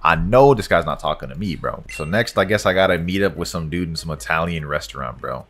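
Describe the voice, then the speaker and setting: A young man giving casual, slangy gameplay commentary, excitable and quick to repeat himself. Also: low voice. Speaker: gaming video host.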